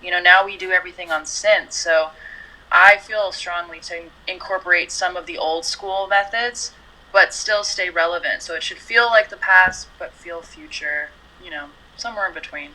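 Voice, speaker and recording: Bright-voiced woman singer, chatty. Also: fairly low pitch, moderate pace, rough recording. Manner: relaxed, chatty, many "you know" and "like" fillers. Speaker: singer being interviewed. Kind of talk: casual interview chat.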